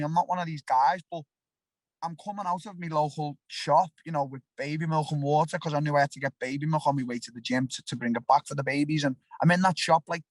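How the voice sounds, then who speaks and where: A man's voice: a little high, dry recording. A young man with a Liverpool accent, a fighter talking bluntly and animatedly in an interview, often restarting his sentences. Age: young adult. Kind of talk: casual interview talk.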